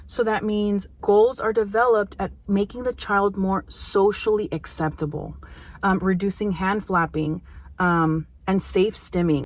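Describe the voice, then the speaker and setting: A woman's voice: medium pitch, no echo. Earnest woman behavior analyst advising parents. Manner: earnest, warm-hearted advocacy with emphatic pauses. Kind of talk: casual educational talk to parents.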